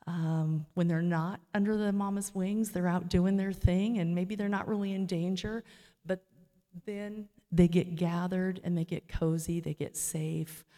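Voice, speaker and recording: A woman's voice: fairly low pitch, warm tone. A middle-aged woman giving an informal, heartfelt church talk with frequent fillers, ending in a prayer. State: near tears while telling a story. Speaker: church speaker. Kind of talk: informal sermon closing with a prayer. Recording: long hall reverb.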